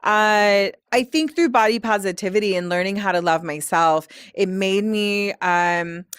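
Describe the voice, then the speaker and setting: A woman's voice: mid-range voice, unhurried, a bit bright, smooth, no echo, clean studio sound. A woman who is a guest, talking candidly and rambling a little in a casual chat, and laughing easily.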